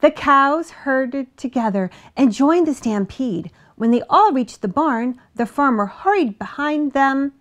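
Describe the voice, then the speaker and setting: A woman reading a children's picture book aloud with an expressive, animated delivery. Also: high-pitched, measured pace, hardly any pauses. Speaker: storybook reader. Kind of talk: children's story read-aloud.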